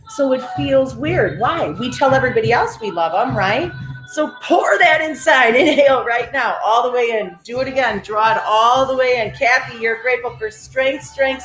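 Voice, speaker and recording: A middle-aged woman leading a live-streamed breathing and affirmation session, energetic and encouraging, calling out viewers by name. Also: on the high side. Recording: roomy echo with faint music.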